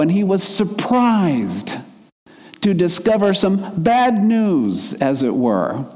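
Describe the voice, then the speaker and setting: A man preaches in an earnest, reflective voice, pitched a little high, with emphasis that rises and falls as he makes each point. His words trail off into a long reverb, as if spoken in a large church hall. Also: darkish tone. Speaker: minister. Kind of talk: sermon.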